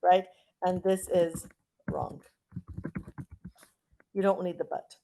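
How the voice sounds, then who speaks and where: A middle-aged Canadian woman teaches an online English class in a chatty way, stretching out words and pauses to model intonation. Her voice is on the low side and gravelly with big pitch swings, and the background is noisy.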